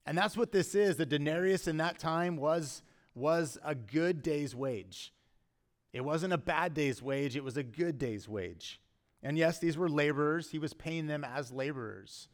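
A middle-aged pastor with a fairly high-pitched voice delivers a sermon. His tone is earnest and conversational, rising emphatically at points and dropping quietly at others.

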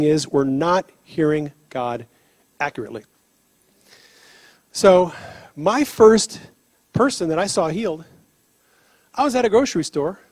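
A man preaching about healing, telling stories with lively acted-out dialogue and frequent laughter. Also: high voice, no room sound. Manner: animated storyteller, laughs often, acts out dialogue. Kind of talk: sermon with storytelling.

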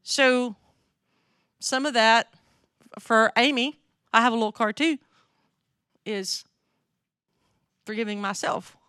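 Speaking slowly and pausing often, this middle-aged Southern woman has a fairly high, bright, forceful voice with a clean tone. She gives a chatty, frank sermon to a women's gathering, frequently asking her listeners questions in her role as a women's ministry speaker. The studio recording is clean, with no room sound.

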